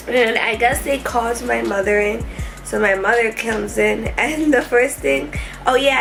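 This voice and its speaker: A young woman telling her hospital story to camera in a casual vlog, emotional and rushed, with many fillers. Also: mid-range voice, gravelly, fairly bright tone, rough recording. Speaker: vlogger. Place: hospital room.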